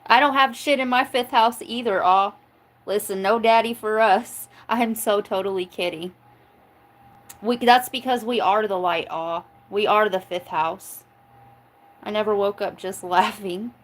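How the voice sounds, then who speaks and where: A woman's voice: mid-range voice, measured pace, poor audio. A woman from Oklahoma, a tarot reader on a live stream, chatting casually with her viewers, joking, swearing freely and laughing often. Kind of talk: casual livestream chat.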